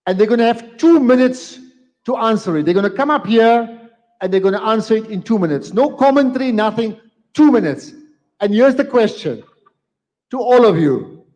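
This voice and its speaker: A man's voice: very high-pitched, moderate pace, a little mellow. A man moderating a live debate, talking emphatically and repeating phrases to hold the room. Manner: emphatic, repeats phrases, firm but apologetic. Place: community centre hall, live event. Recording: long hall reverb.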